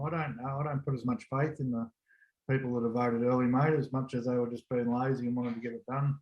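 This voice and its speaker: An Australian man speaks bluntly and bluntly teases the others in a relaxed podcast conversation. He has an ordinary middle-pitched voice. The room gives his voice a clear echo. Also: normal speed, highs cut off. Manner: blunt, banters and says "mate". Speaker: podcast co-host. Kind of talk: casual chat. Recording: echoey room.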